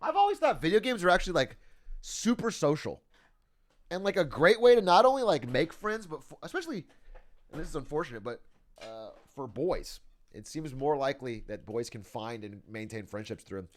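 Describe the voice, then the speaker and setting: A young adult man talks casually to his stream chat. His pitch sits a touch high and swings widely as he laughs and swears his way through his thoughts. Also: moderate pace. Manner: animated, laughing, swears often, reads out chat.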